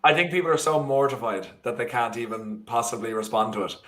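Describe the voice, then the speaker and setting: An Irish man co-hosting a live football watchalong, joking and reacting excitedly to the match. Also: medium pitch, fairly quick. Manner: excitable, jokey, bursts into shouting and laughter. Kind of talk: casual live match chat.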